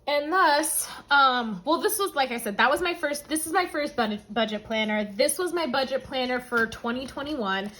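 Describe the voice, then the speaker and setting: A woman's voice: sits high, normal speed, few pauses, a bit bright, rough recording. A woman hosting a budgeting vlog, telling a personal story with emotion and calling her viewers y'all. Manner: emotional, tearful at times, addresses viewers as y'all. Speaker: budgeting channel host.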